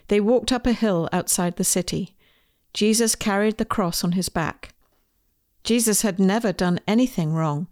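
A woman, the author, reading her children's storybook aloud in a gentle, expressive way, with faint music behind. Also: medium pitch, no echo, studio quality.

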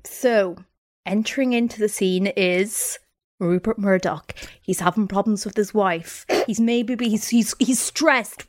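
A woman with a fairly high voice narrates a story on a comedy podcast. She keeps her account moving and puts on voices for the quoted lines. She speaks as a co-host. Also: normal speed. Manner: animated narration with acted-out quotes.

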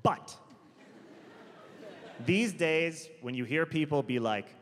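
A man's voice: a little high, animated, slow pace. A man performing stand-up comedy on a large theater stage, telling a story with acted voices, into a handheld mic, audience laughter behind. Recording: big theater hall with faint crowd noise.

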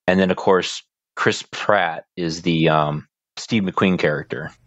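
A wry, playful man with a lowish voice, chatting about movies. His recording sounds dull and lo-fi, dry with no room echo. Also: fairly even intonation, takes it slowly, fairly bright tone. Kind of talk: casual movie-discussion chat.

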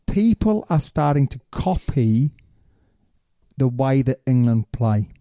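A man's voice: mid-range voice, slow pace, no echo, clean studio sound. A man hosting a rugby talk show in casual, opinionated chat, calling his co-host mate. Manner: animated, opinionated, says "mate".

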